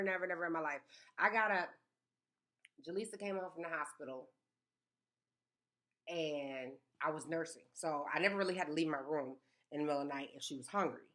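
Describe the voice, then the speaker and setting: Animated woman in her thirties, lowish voice. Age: 30s. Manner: animated, emphatic, repeats words for effect. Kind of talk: casual storytelling chat.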